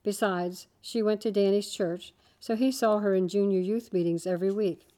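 A woman reading a children's story aloud, with steady, gentle storytelling. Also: medium pitch, normal speed. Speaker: narrator.

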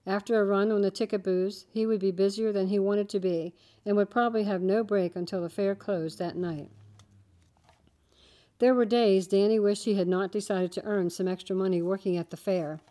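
A woman reading a children's story aloud, with steady, gentle storytelling. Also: mid-range voice, normal speed. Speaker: narrator.

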